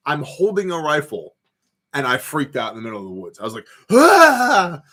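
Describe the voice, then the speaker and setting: A man's voice: medium pitch, big pitch swings, fast, a bit bright. A man hosting a casual livestream from his home porch, reading viewer comments aloud and telling rambling stories with lots of fillers. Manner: laid-back, rambling storyteller with fillers. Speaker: host of a prepper livestream.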